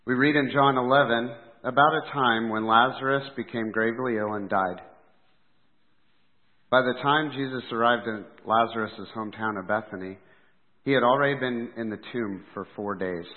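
A man with a fairly low voice tells a sermon in an even, earnest way. His voice sounds thin and phone-like, with long reverb around it. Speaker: preacher.

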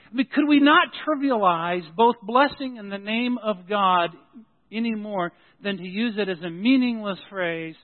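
High-voiced joking pastor in a hall. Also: male voice. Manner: folksy, joking, with frequent restarts. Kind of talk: sermon with announcements. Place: church sanctuary. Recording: tinny phone-like sound in a reverberant hall.

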